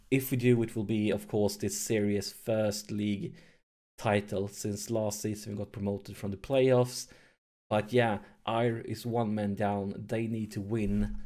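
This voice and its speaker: A man hosting a let's play, commentating his football management game, nervous and excited, keeping his voice down at home late in the evening. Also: on the low side. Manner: excitable, nervous, talks to viewers; deliberately holds his voice down to avoid waking neighbors.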